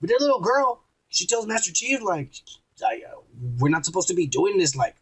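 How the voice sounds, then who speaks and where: A man's voice: high voice, normal speed, husky, poor audio. A man co-hosting a podcast, recapping an episode in rambling, profane casual chat and acting out quotes. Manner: crude, rambling, acts out quotes. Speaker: podcast co-host.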